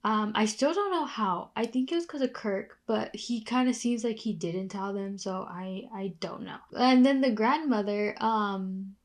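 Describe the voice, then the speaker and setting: A woman's voice: medium pitch, unhurried, few pauses. A young woman chatting casually in a reaction video, recapping in long rambling runs and getting worked up as she watches. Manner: gets worked up and indignant while watching.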